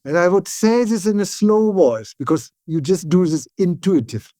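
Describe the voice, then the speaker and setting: A neuroscientist guest speaking as an English speaker, explaining ideas in calm conversation and often checking in with "yeah?". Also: male voice, high voice, dry recording, clean studio sound. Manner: tag "yeah?" questions, frequent restarts, calm and deliberate.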